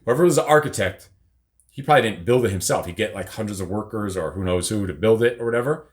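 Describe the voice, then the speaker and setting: A man's voice: fairly low pitch, lively intonation, fast talker. Rambling, swearing man host. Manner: rambling, swears casually, teasing. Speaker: podcast host. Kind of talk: casual live-stream chat.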